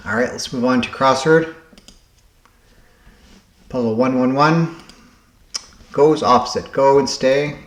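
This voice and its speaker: A man thinking aloud as he solves word puzzles, halting and correcting himself as he goes. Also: mid-range voice, fairly even intonation, echoey room. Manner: muttering, halting, self-correcting. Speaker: puzzle game vlogger.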